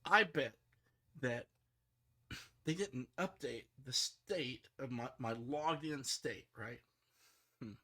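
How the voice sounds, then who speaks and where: Man, middle-aged, bright forceful voice, rambling casual vlog, frustrated, thinks out loud. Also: mid-range voice, slow pace, pauses often. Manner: frustrated, self-talking, many restarts and fillers. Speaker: software developer streaming his work.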